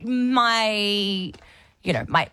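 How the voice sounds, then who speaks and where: A woman telling a story in casual chat, animated and acting out voices and sounds. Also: medium pitch, extremely slow, smooth. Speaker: real estate agent telling a story.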